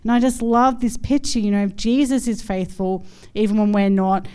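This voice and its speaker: A woman's voice: medium pitch, steady tone, normal speed, darkish tone, smooth. A woman in her thirties, a pastor giving a chatty, conversational sermon full of everyday stories and fillers. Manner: chatty, storytelling, many fillers.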